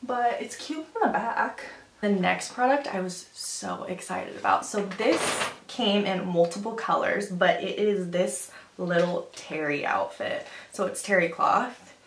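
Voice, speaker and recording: A woman's voice: mid-range voice, measured pace. A young woman chatting casually through a beauty and clothing haul, filling her talk with "like" and "um.". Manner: chatty, filler-heavy, says "like" often. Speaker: beauty vlogger. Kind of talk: casual try-on haul chat. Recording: roomy echo.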